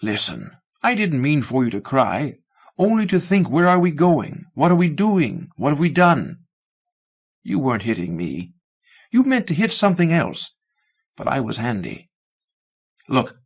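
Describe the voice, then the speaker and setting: A man reading a story aloud, voicing a gentle, nostalgic old man who lingers softly over what he remembers. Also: mid-range voice, wildly swooping pitch, unhurried, pauses often, breathy edge, heavily acted. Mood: soothing.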